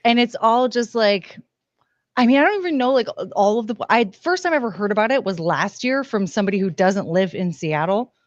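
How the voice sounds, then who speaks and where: A woman's voice: medium pitch, expressive, fairly quick, no room sound. A woman guest chatting casually, rambling through stories with laughs. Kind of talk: casual chat. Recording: dull lo-fi sound.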